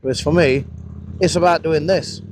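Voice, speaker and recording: Northern english bloke rambling on his bike, bit of a higher voice, loads of swearing, helmet cam with wind and engine racket. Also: steady tone, normal speed. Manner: chatty, swears a lot, rambling storytelling. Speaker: motovlogger. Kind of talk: casual chat while riding. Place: outdoors on a moving motorcycle. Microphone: helmet-mounted action camera mic.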